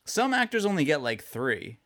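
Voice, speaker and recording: A man co-hosting a podcast, chatting casually with deadpan jokes. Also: fairly high pitch, moderate pace. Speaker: podcast co-host. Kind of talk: casual comedic chat.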